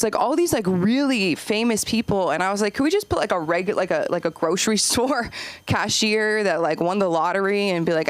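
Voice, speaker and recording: A woman doing a stand-up comedy set, chatty and rambling, jumping her voice up high whenever she acts out a quote. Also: no echo. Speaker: stand-up comic and open mic host. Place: comedy club stage.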